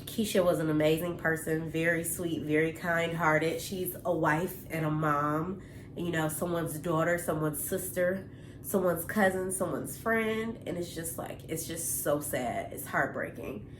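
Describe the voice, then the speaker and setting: A woman's voice: deep voice, steady tone, unhurried, a little hiss or hum. A young woman talking earnestly and from the heart in a personal vlog, with many fillers like "um" and "you know.". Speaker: vlogger. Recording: echoey room.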